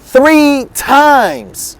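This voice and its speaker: A man's voice: very high voice, expressive, drawn-out words. A male teaching pastor giving a casual, slangy sermon, acting out the quotes he tells. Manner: slangy, conversational, acts out quotes.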